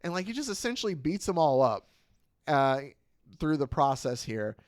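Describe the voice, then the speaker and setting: A man co-hosting a casual podcast, retelling an episode scene by scene with lively energy. His voice sits a little higher than most men's and sounds close and dry, with no room around it. He drops into quick character voices as he narrates. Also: no room sound. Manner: animated retelling, slipping briefly into character voices. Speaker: podcast co-host. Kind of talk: casual chat recapping a TV episode.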